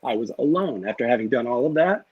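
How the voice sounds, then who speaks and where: On lo-fi sound, a middle-aged male interview guest tells an emotional story openly, swearing freely and playing out the quoted exchanges. He speaks fast in a husky, mid-range voice with lively intonation.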